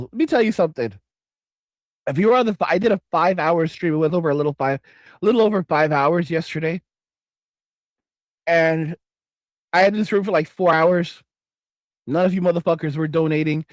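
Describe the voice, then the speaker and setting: High-voiced and foul-mouthed, this New York man hosts a livestream, casually chatting and reading out comments. His talk rambles, with emphatic repetition throughout, captured in a dry recording.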